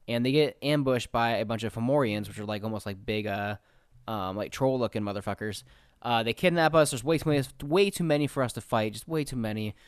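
A man's voice: mid-range voice, smooth, no room sound, studio quality. A man casually telling a story from his tabletop game, rambling and profane, with lots of fillers. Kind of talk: casual anecdote.

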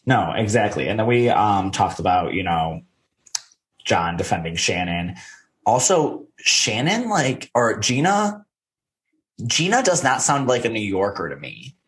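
Low-ish guy co-hosting a recap pod, rambly, says like a lot, swears some. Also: sing-song, measured pace, fairly bright tone, husky. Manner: rambling, lots of "like" fillers, swearing. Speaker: podcast co-host. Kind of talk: casual chat.

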